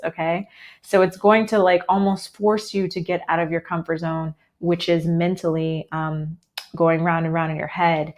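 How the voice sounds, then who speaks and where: A woman with an American accent giving a chatty, upbeat live tarot reading, full of "um" and "like". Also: lowish voice. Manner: chatty and upbeat, heavy with fillers like "um" and "like". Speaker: tarot reader.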